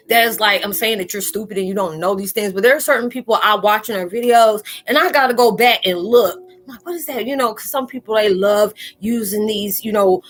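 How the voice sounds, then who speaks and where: A woman's voice: mid-range voice, fairly bright tone. A spiritual vlogger talking casually and loosely to her viewers, repeating "you know" as she goes. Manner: chatty, loose, talks straight out with lots of "you know".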